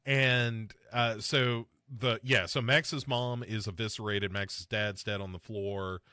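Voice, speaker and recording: Animated male podcast host, bright tone. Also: slow pace, clear, resonant tone, dry recording, studio quality. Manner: animated, swings pitch up to mock and mimic film characters. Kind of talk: casual chat reviewing a film.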